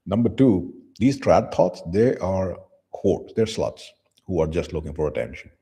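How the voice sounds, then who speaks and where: Male commentary host, deep mellow husky tone, blunt and profane delivery. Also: sing-song, unhurried. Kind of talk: casual commentary reading posts aloud.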